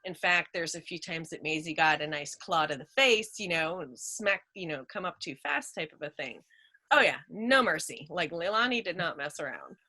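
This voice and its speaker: Bright-voiced chatty woman. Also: lowish voice, expressive, normal speed, rough recording. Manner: chatty, full of "you know" and "like". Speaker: guest, dog rescuer. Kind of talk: casual chat.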